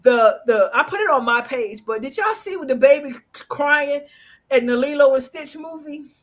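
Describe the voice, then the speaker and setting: Female co-host, a touch high-pitched, expressive and lively in casual chat. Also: moderate pace. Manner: animated, expressive storytelling. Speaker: podcast co-host.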